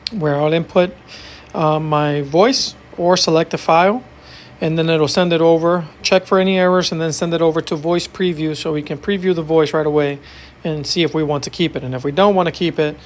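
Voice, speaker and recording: A man hosting a casual tech tutorial, talking through his screen with an easygoing, hesitant manner full of fillers. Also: a little high. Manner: relaxed, hesitant with many fillers.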